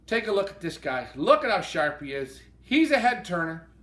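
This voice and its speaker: High, bright-voiced man commentating a live auction. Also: very animated, normal speed. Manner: enthusiastic, appraising birds in hand. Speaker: pigeon handler and auction co-host. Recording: roomy sound from a distance.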